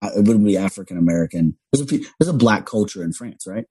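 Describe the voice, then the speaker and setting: A male podcast host in casual chat, talking quickly with lively, frequent backchannels. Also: lowish voice, breathy edge.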